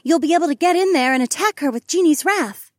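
A man's voice: extremely high pitch, fast talker, no echo, clean studio sound, voice pushed up. A man voicing a determined young blonde princess, speaking firmly. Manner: determined, firm. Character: fierce young woman princess, golden blonde.

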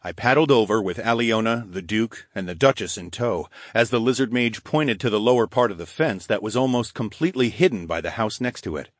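Tiefe Männerstimme, Hörbucherzähler. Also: male voice, fairly quick, few pauses, no room sound, studio quality. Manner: steady, even storytelling, voicing dialogue slightly higher. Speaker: audiobook narrator. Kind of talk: scripted first-person narration.

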